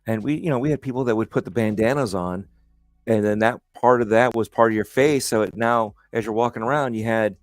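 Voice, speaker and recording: A man's voice: fairly low pitch, brisk, dry recording, clean studio sound, faint music behind. A man hosting a casual podcast chat, telling stories in a rambling, enthusiastic way. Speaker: host.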